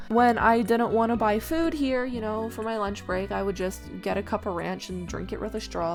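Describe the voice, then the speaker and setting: A woman's voice: on the high side, moderate pace, few pauses, soft background music. A young woman telling work stories in a chatty, casual vlog, full of "like"s and acted-out quotes. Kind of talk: casual storytime over gameplay.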